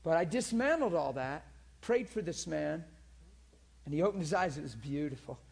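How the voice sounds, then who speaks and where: Husky, slightly high-voiced male preacher, lively and playful, storytelling sermon. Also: moderate pace. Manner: lively, teasing, laughs often, swings from quiet to loud. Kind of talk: sermon storytelling about healings.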